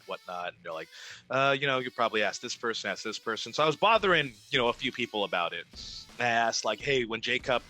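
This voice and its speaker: A young man, a ring announcer, chats through a long story and animates the quoted exchanges. His voice is strikingly bright and forceful. Faint music runs quietly behind him. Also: lowish voice. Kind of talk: casual storytelling interview.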